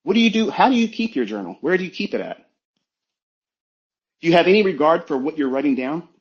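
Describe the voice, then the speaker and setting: A man's voice: a little high, big pitch swings, fast talker, lo-fi sound. A man giving a blunt, profane motivational talk as a trading mentor on a live audio stream.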